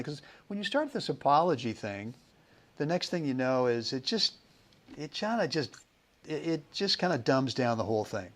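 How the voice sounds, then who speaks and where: A man hosting a casual podcast, telling stories in a chatty way with repeated words and animated quotes. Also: fairly high pitch, fairly quick. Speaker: podcast host.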